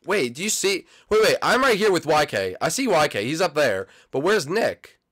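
A young man hosting a gaming channel, excitedly commentating his own gameplay and calling out to other players and viewers. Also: on the high side, normal speed.

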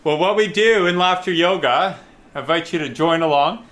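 A man's voice: fairly high pitch, moderate pace, fairly bright tone. Upbeat man leading laughter yoga. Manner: upbeat, playful instructions punctuated by hearty laughing. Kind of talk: guided group laughter exercise.

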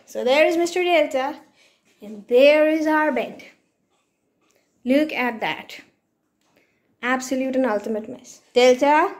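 A young woman vlogging at home in her bedroom, casually talking to the camera and playfully scolding her dog. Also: sits high. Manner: playful, scolding baby talk to a pet.

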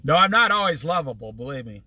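A man teaching a conversational Bible study with humor, often acting out quick everyday voices. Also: fairly high pitch, sing-song, sharp tone, no echo.

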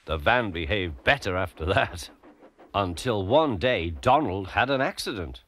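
A man narrating a children's storybook in a gentle, expressive way. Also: fairly low pitch, a little slow, a crowd in the background.

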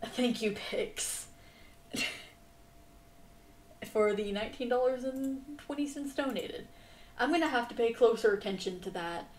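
A slightly high-voiced woman streamer chatting her way through a game, exasperated and quick to yell at it and her viewers. She talks at an unhurried, drawn-out pace. The mic sits a good way off in an echoey room. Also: slight background noise. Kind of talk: casual live-stream gaming chat.

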